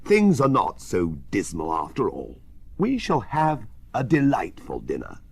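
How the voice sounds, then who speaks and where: A man's voice: on the low side, wildly swooping pitch, unhurried, gravelly, husky, no echo, pitched below the performer's own voice, full character voice. A man voicing a pompous, grumbling middle-aged father in a storybook reading, speaking in a stern, exasperated way. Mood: pleased.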